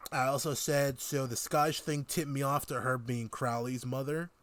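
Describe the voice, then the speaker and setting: A man's voice: mid-range voice, moderate pace. A man co-hosting a casual podcast, retelling a TV season from his notes with lots of laughs. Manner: animated, reads out his notes in quotes, laughs often. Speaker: podcast co-host. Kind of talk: casual chat reviewing a TV season.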